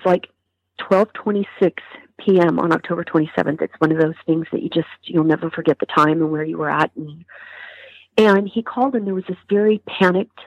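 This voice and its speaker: Grieving mom being interviewed, stops and restarts a lot, kinda muffled lo-fi audio. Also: female voice, on the low side, husky, no echo. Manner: halting, many restarts and pauses. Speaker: mother of a murder victim, interview guest. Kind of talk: emotional interview testimony.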